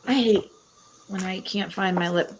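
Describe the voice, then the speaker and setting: A woman's voice: mid-range voice, unhurried, a little hiss or hum, rough recording. A woman in casual conversation, talking in a hesitant, rambling way that keeps trailing off. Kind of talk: casual chat.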